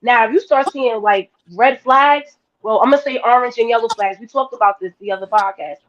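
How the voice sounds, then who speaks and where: A woman's voice: on the high side, fairly quick, slight background noise. Blunt woman on a lo-fi podcast. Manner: blunt, earthy and emphatic. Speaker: podcast panelist. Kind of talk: casual podcast discussion. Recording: dull lo-fi podcast audio.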